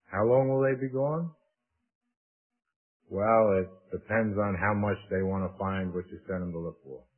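A man preaching a sermon, slow and halting with many pauses and fillers. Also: lowish voice. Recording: tinny phone-line sound.

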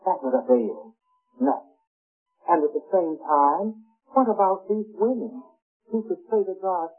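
A man's voice: high-pitched, lively intonation, measured pace, pauses often, slightly rough. A man preaching a sermon, earnest and emphatic, rising hard on his key words. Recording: tinny lo-fi radio broadcast with faint music.

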